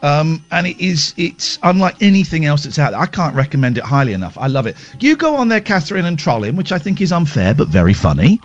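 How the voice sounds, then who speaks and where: A man's voice: fairly high pitch, very animated, quick pace, hardly any pauses, soft background music. A man hosting a radio show from home, joking and teasing, rambling with lots of fillers. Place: home, with kids nearby. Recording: muffled remote radio sound.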